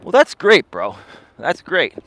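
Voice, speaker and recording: A man's voice: a little high, wildly swooping pitch, unhurried, vocal fry, a bit bright. A man hosting a live-streamed coaching talk while walking a windy outdoor trail, speaking into a foam-windscreened mic near his face. He sounds conversational and preachy, tagging points with rhetorical questions. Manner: conversational and preachy, with frequent rhetorical "right?" tags. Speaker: personal development coach and live-stream host. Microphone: clip-on mic with a foam windscreen near the face.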